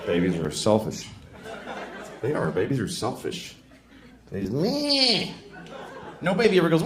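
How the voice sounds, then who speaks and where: Stand-up comedian with a lively, animated delivery. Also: male voice, mid-range voice, a little slow, pauses often, background noise. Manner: deadpan storytelling with sudden loud acted-out voices. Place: theater stage before a laughing audience. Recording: roomy live venue with crowd laughter.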